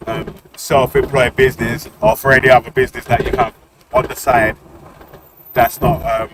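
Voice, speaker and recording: A man's voice: mid-range voice, flat delivery, normal speed. Insistent man hosting a stream. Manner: insistent, repeats "listen" and "yeah" to hold the floor. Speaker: stream host. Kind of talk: live-stream debate. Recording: background noise.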